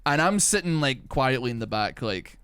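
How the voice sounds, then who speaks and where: A young man with a softened Glasgow accent rambles through casual stream talk, peppering it with "like," "man" and swearing. His voice sits at an ordinary middle pitch. He sounds loose, chatty and offhand while he plays. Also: sing-song, normal speed, smooth, dry recording. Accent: Glasgow Scottish, softened. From Glasgow, Scotland. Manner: rambling, profane, full of "like" and "man". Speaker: game streamer. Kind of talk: casual live-stream chat while gaming.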